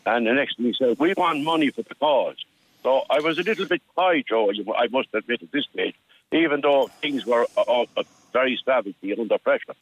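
An older Irish man calling in to a radio show, telling a story with halting restarts and acting out what others said. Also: mid-range voice, no echo. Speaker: caller. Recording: tinny phone line.

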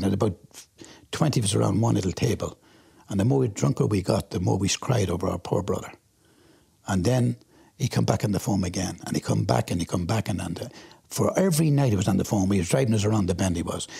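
A man's voice: mid-range voice, vocal fry, warm tone, husky. A middle-aged Irish man recounts his own past in an interview, acting out the things people said. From Ireland. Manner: vivid storytelling, acts out quoted talk. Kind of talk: personal testimony.

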